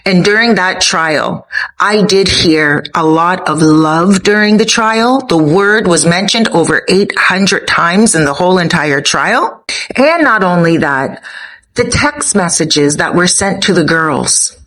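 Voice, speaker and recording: A woman's voice: fairly low pitch, animated, slow, fairly bright tone, poor audio. A Canadian woman with a Canadian accent, giving an earnest, opinionated commentary monologue straight to her viewers. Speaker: commentary vlogger.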